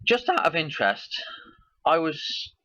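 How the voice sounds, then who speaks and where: A man's voice: on the high side, very animated, measured pace, sharp tone, no echo, lo-fi sound. A man hosting his own video, talking casually and in a rambling way as he links one idea to the next. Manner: musing, loosely connects ideas. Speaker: video host.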